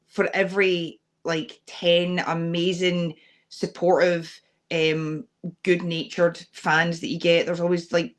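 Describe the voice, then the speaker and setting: A young adult Scottish woman, a wrestler guest on a podcast interview, speaking candidly and earnestly with frequent fillers. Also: low-pitched. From Scotland.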